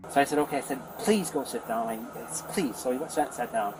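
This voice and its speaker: A young man who lives nearby talks fast and expressively in a medium-pitched voice, wandering through his account of events for the police outside. He performs the quoted lines of others, and the body cam recording is noisy.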